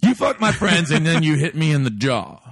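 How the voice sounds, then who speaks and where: A man's voice: a little high, moderate pace, no echo, studio quality. A man telling a crude personal story, swearing a lot and acting out what people said. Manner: animated, swears constantly, acts out quotes.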